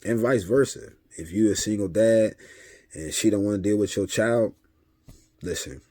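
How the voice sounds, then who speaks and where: A man speaks straight to camera in an easy, talkative way, sharing spiritual advice drawn from his life as a father. His voice sits low with a husky edge. The sound is close and dry, with no room echo. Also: moderate pace, dark tone. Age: adult father of several children. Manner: conversational, often repeats a filler tag and acts out dialogue. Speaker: vlogger giving spiritual advice. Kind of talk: casual spiritual talk monologue.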